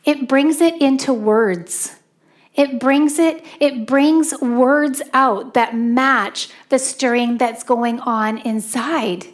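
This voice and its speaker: A woman's voice: sits high, slow. A middle-aged woman from Canada preaching in a church on a handheld microphone, telling a personal story and acting out her gasps and wailing. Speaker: pastor.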